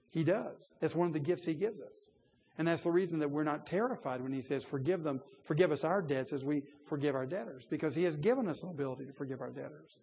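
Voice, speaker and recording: A man preaching a sermon in an earnest way, building to emphatic appeals and then dropping quiet. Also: a little high, slightly rough.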